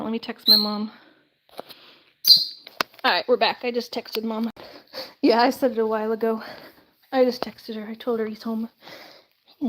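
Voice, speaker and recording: A woman's voice: a little high, background noise. Chatty woman streaming with her pets. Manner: chatty, laughs often, baby talk to her birds. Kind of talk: casual live stream chat.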